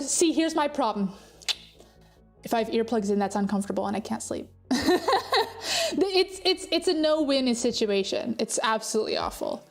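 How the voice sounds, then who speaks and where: A woman streaming live, chatting casually with her viewers and reading their messages aloud. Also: fairly high pitch. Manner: chatty, laughing, reads chat aloud. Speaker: virtual streamer.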